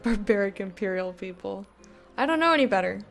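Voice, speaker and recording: An American woman streaming a game, chatting casually with her viewers, self-mocking and quick to laugh. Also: medium pitch, lively intonation, creaky, soft background music. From United States. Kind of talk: casual gameplay commentary, reading chat.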